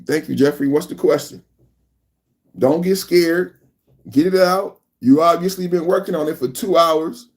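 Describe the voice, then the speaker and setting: His voice sits on the high side, gravelly and darkish in tone. A man in his fifties running a live podcast, he addresses his chat casually and with emphasis, using "brother" and "bro."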